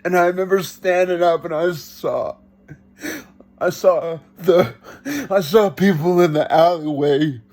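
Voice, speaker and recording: A man giving an earnest first-person testimony, telling it slowly and reenacting his own pleas. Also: a little high, darkish tone. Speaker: vlogger.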